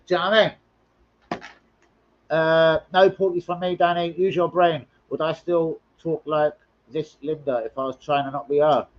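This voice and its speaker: A man hosting a football live stream, talking a touch higher than most men in a loose, rambling way, with plenty of swearing and banter aimed at his viewers. He is speaking into a streaming mic, and the sound comes through slightly dull, as if the top end were trimmed off. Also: brisk. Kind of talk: casual football live stream chat, reading comments.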